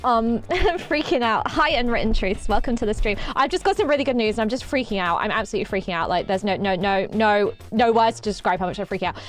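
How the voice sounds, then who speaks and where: A woman streaming live, chatting in a rambling, excitable way, repeating herself and giggling. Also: medium pitch, fast, few pauses, soft background music. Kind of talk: casual livestream chat.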